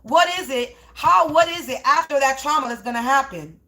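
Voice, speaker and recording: A woman's voice: high voice, normal speed, pushed and bright. A woman in a spiritual live stream, ranting in a profane, confrontational, rambling way while smoking, her mouth dry.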